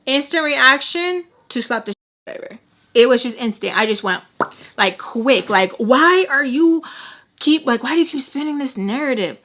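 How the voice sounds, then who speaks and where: Bright-voiced young woman telling a story. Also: high voice, normal speed. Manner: animated, acts out other people's lines. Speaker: storytime vlogger. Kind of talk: casual storytelling.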